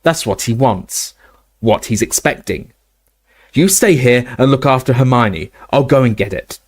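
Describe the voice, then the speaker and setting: A man's voice: medium pitch, animated, unhurried. A man voicing a protective, hot-headed teenage boy wizard in an audiobook reading, blunt and stubborn.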